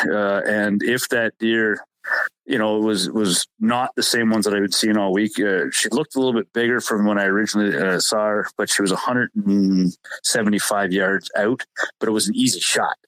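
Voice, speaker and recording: Male podcast co-host, low and dry, halting storyteller who stumbles and repeats himself. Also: fairly bright tone, no echo, low-quality recording. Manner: halting, repeats words and restarts often. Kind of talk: casual storytelling chat.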